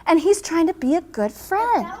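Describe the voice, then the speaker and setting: A woman teacher reading a picture book aloud to her class, acting out the characters' lines with animated emphasis and pausing to explain. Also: very high-pitched. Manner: animated storyteller, acting out character lines with big loud pushes.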